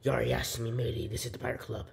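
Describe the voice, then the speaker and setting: A man voicing a gruff male pirate fox animatronic who talks in pirate slang. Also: medium pitch, level tone, quick pace. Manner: pirate talk with "yar" and "matey".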